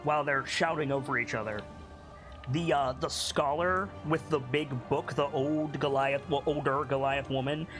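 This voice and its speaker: A man's voice: a little high, steady tone, moderate pace, over music. A man narrating a tabletop game as game master, talking casually with many fillers.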